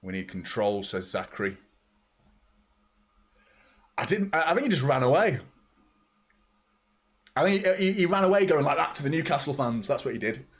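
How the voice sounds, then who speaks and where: A young man excitedly chatting through a live football watchalong, reacting to the match and greeting viewers by name. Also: fairly high pitch, normal speed, long pauses.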